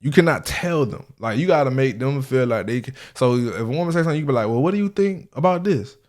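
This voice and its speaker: Man, reaction host, casual commentary, profane, slangy, animated storytelling. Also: mid-range voice, quick pace.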